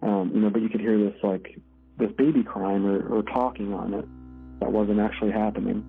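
A man recounting events in an interview, speaking haltingly with many fillers and restarts. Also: on the low side, steady tone, creaky, soft background music. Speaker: husband recounting events, ER worker. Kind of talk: recorded interview testimony. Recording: tinny phone-like audio.

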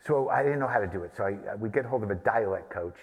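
At a live podcast taping on stage before an audience, a guest from New Mexico tells a long, rambling, profane story. His voice is lowish and husky, animated and quick, with long hall reverb around it.

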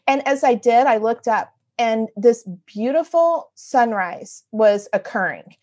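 A middle-aged woman tells a story as a guest, with a fairly high voice that swings up and down a lot. She acts out what she said to herself in lively little voices as she goes. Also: measured pace. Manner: expressive, acts out her own remarks in lively voices. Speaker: author and guest. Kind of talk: animated storytelling in conversation.

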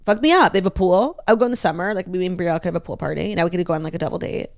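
A young woman co-hosting a casual pop-culture chat, talking fast and animated, with lots of fillers and sarcasm. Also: fairly low pitch. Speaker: podcast co-host.

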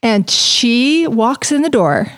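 A woman's voice: a little high, big pitch swings, slow pace, no echo. Bubbly woman podcast host, dry sound. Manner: bubbly, chatty storyteller. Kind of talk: casual chat.

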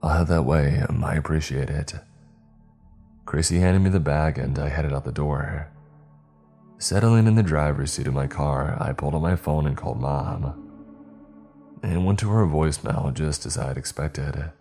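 A man narrating a horror story in a measured, steady way. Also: extremely low pitch, faint music behind.

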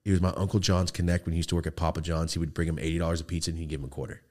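A man hosting a studio podcast, telling animated stories and acting out the people in them. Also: sits low, very fast. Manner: animated storyteller, acts out quoted people, swears freely. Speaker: podcast host. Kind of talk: casual storytelling chat.

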